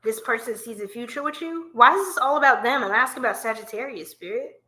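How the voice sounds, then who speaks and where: A woman's voice: on the high side, quick pace, sharp tone. A woman giving a live-streamed tarot reading, chatty and playful, laughing often and talking to viewers as y'all. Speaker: tarot reader.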